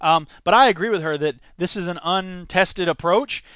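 High-voiced man in his thirties. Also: moderate pace, fairly bright tone, dry recording. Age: 30s. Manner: emphatic, reads quotes aloud and reacts. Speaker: podcast host and teacher. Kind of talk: opinionated education commentary.

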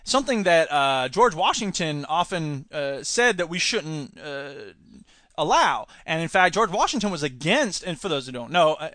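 A man's voice: a little high, sing-song, normal speed, a bit bright, dry recording, studio quality. An American man hosting a podcast, giving rambling, opinionated political commentary and mocking politicians by imitating them. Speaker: podcast host.

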